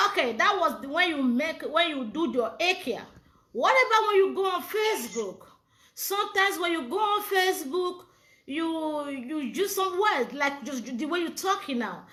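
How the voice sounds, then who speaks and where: A woman interviewing a guest in a live online chat, halting and repeating her questions. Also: sits high, expressive, pushed and bright, roomy sound.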